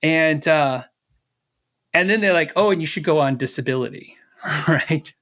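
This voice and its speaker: A man's voice: on the high side, measured pace, a bit bright. A middle-aged man, a guest on an interview, telling a personal story casually, acting out the dialogue with fillers and laughs.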